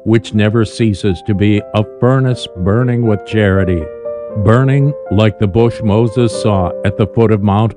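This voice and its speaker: A man giving a calm, measured scripted devotional reading as host of a daily prayer program. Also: on the low side.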